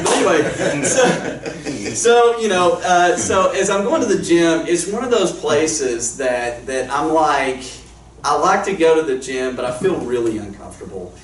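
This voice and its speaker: A man's voice: a little high, expressive, measured pace, crowd noise. A man, a guest worship leader telling funny stories in a casual, rambling, self-deprecating way before an audience. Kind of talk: casual storytelling talk. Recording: roomy echo, distant mic, faint ambience.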